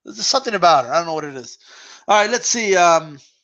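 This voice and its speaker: A man with a high-pitched voice hosts a loose boxing chat stream, reading viewer questions out loud. He laughs a lot, drops slang and swears casually, and his speed keeps shifting between quick bursts and slow stretches. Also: lively intonation, muffled recording. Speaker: host of a boxing talk stream.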